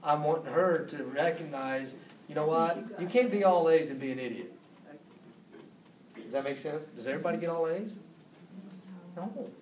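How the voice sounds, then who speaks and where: A man speaks at a motivational seminar in a fairly high voice, acting out little quotes with big jumps in pitch. He sounds far from the mic in an echoey room. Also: slight background noise.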